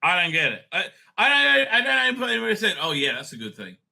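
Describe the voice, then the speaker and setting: A middle-aged man rambles through a casual review in a high, sharply bright voice. His pitch leaps all over the place as he swears bluntly and laughs between thoughts. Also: fast talker, vocal fry. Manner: excitable, profane and blunt, laughing often, trailing off mid-thought. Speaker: show host reviewing TV episodes.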